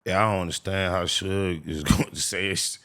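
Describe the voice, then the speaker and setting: A man's voice: deep voice, fairly even intonation, normal speed, fairly bright tone. A man giving casual, profane reaction commentary, often swearing on his mama. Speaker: reaction host.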